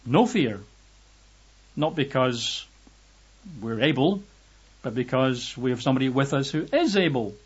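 A man preaching a sermon at an unhurried pace, pausing on fillers and slowing down to quote scripture. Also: mid-range voice, lively intonation, slightly rough. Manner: unhurried, hesitant with fillers, slows and lifts when quoting scripture. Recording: dull lo-fi sound.

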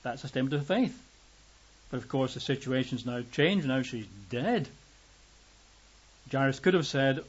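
This preacher moves at a moderate pace with long pauses, his voice slightly rough and the recording muffled. He reads scripture, unpacks it in a conversational way, and raises his pitch to act out the quoted voices.

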